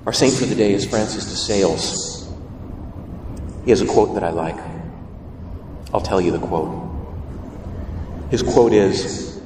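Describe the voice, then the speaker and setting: A man, a priest, giving a lively homily to young people and asking them questions. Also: on the low side, a little slow, pauses often, noisy background. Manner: animated, asks the listeners questions. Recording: roomy hall echo from far off.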